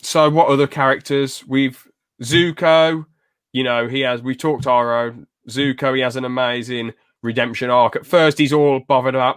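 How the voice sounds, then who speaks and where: A man co-hosts a casual podcast, chatting keenly and tossing in short quoted asides. His voice sits at an ordinary middle pitch. The recording is dry and close, with no room sound. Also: fairly even intonation, no room sound. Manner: chatty, enthusiastic, quick asides with brief put-on quotes. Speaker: podcast co-host. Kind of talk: casual chat.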